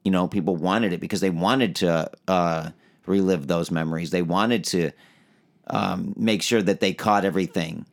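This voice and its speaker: A man with a very low voice co-hosts a podcast. He talks in a hesitant way, with frequent fillers and restarts, in relaxed chat. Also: normal speed, gravelly. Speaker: podcast co-host. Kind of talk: casual chat.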